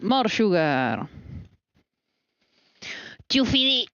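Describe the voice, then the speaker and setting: A woman live-streams her home baking, very animated and drawn-out in her words, chatty, scatterbrained and self-teasing as she talks to herself. Her medium-pitched voice is fairly bright and clean, recorded dry with lo-fi sound.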